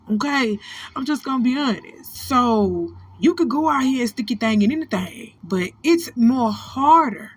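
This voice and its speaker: A woman in her thirties hosting a celebrity gossip channel, scolding famous people directly in a preachy, profane, no-nonsense way. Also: fairly high pitch. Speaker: host of a gossip commentary channel. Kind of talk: blunt celebrity gossip commentary.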